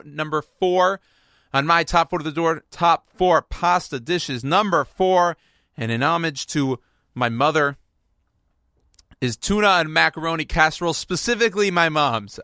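A man's voice: fairly high pitch, sharp tone, no echo. A man hosting a radio show, chatting casually in a rambling, playful, self-mocking way at a studio microphone.

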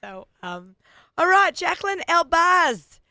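A middle-aged woman with an Australian accent hosting a radio talk show, chatty and quick to laugh. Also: very high voice, very animated, bright, forceful tone, no room sound, studio quality. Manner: chatty, laughs often, does little voices when quoting. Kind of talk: casual chat.

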